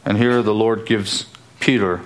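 Male preacher, low voice, emphatic sermon delivery, repeats key phrases. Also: steady tone, a little slow.

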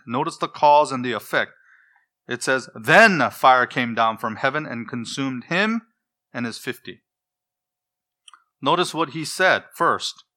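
Bright-voiced man preaching forcefully. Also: mid-range voice. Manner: forceful preaching, rising to emphatic rebukes. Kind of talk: expository sermon.

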